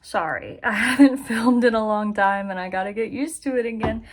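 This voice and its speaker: A woman's voice: fairly high pitch, normal speed. A young woman in her bedroom giving a casual life update to her camera, chatty, giggly and self-deprecating. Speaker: vlogger. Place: bedroom being moved into. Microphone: camera in front of her.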